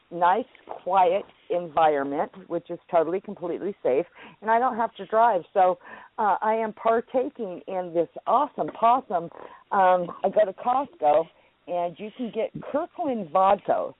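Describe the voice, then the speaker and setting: A woman hosting a casual radio talk show, chatty and rambling, laughing as she talks. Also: on the low side. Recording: phone-like radio audio.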